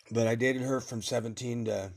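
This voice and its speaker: With a mid-range voice marked by vocal fry, a man tells rambling stories of his youth on a casual podcast memoir. He's a podcast storyteller who swears freely and laughs at his own tales.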